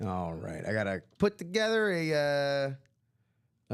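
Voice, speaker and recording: A man's voice: mid-range voice, wildly swooping pitch, takes it slowly, clean tone. A man co-hosting a live sports card break stream, laid-back and chatty. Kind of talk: casual live-stream chat.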